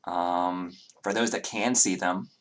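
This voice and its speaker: A man narrating a tabletop game as game master, pausing often with fillers as he describes the scene. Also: deep voice, steady tone. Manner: halting, with many fillers.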